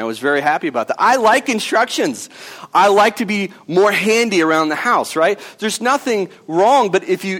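A man's voice: on the high side, a bit bright. A man in his thirties preaching a sermon in an earnest, conversational way, with casual asides. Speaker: pastor.

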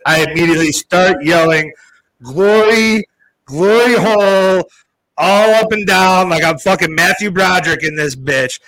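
A man spins a long story with a bright, forceful edge to his voice. He swears freely and talks animatedly. The sound is dry and close, with no room around it. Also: on the high side, dry recording, rough recording. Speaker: podcast co-host telling a story. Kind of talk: casual storytelling chat.

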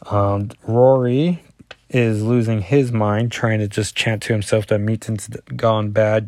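Give me a man with a dark, low voice, recorded close and dry, talking through a comic issue in a loose, meandering review. He is a dad who keeps backtracking and correcting himself mid-sentence. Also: level tone, a little slow, no room sound. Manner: rambling, with frequent fillers and self-corrections. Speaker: father. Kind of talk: casual solo review, reading through an issue.

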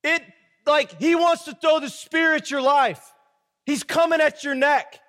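A man's voice: very high voice, unhurried, fairly bright tone, long reverb tail. A man preaching a casual sermon, reading scripture aloud and breaking off into slangy, conversational asides. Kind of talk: casual Bible-study sermon.

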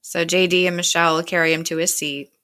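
A woman's voice: on the low side, level tone, brisk, bright, forceful tone. A woman casually recapping a TV episode, retelling scenes and quoting the dialogue. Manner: chatty retelling with quoted dialogue.

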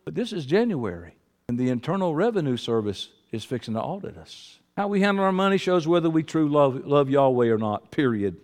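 Male pastor mid-sermon, very high, smooth, resonant voice carried by long hall reverb; shifts from loud high exclamations to low quiet asides. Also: very animated, brisk.

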